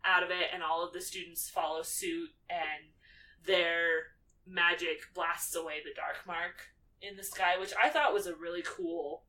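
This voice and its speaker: A woman with a lowish voice, unhurried and recorded from a distance on a rough recording, co-hosts a podcast. She chats casually through a film's plot, telling it animatedly, slipping into the characters' lines and saying "like" as filler.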